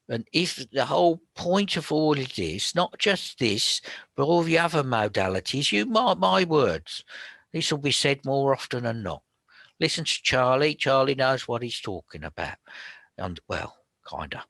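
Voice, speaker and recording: A man teaching about spiritual healing in a chatty, colloquial way, often dropping to a hushed whisper. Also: mid-range voice, dry recording. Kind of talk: casual spoken teaching.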